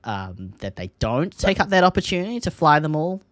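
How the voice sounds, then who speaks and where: An Australian man co-hosting a casual esports podcast, excitable and laughing often, his pitch leaping up when something grabs him. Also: fairly quick, no echo, studio quality. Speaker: podcast co-host.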